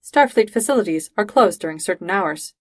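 A coolly logical alien commander speaks in formal, precise sentences, as a woman reads him. The pitch sits mid-range and the sound is dry and close. Each word lands measured and exact. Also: expressive, no echo, close to an everyday voice.

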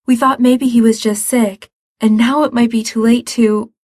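A woman's voice: medium pitch, moderate pace, no room sound, clean studio sound, lightly acted. A woman voicing an anxious, determined young man who speaks urgently and presses for answers in a read-aloud story.

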